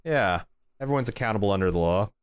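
A man's voice: fairly low pitch, expressive, fast talker, clear, resonant tone, no echo, studio quality. A man co-hosting a podcast, recapping a TV episode in a casual, sardonic and profane way. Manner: sardonic, profane, quotes the show in put-on voices. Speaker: podcast co-host.

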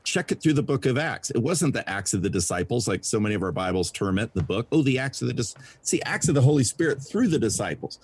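A man's voice: medium pitch, big pitch swings, fast, hardly any pauses, breathy edge, no echo. A man who preaches for a living talks on a podcast, leaning into repeated phrases with a preacher's emphasis. His voice sits in a middle range, recorded close and dry with no room sound. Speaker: pastor and traveling preacher. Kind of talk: podcast conversation.

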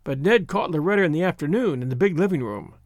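A man narrating a classic short story in an expressive, measured reading voice. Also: a little high, no room sound, studio quality.

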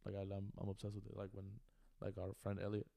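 With a low-leaning, monotone voice carrying vocal fry and a warm tone, a man in his twenties talks fast as he co-hosts a podcast. He tells a long, easygoing story full of slang and fillers in casual chat, with no echo on the recording.

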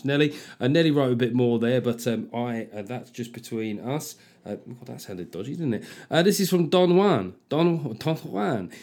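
A man's voice: on the high side, a little mellow. A man hosting a podcast, chatting casually and reading out listener reviews with sweary, self-mocking asides. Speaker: podcast host.

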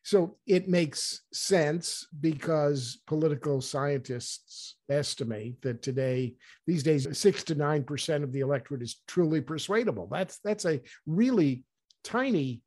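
Male interview host, a touch high-pitched, thoughtful and explanatory. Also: animated, measured pace, a little mellow. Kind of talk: interview questioning.

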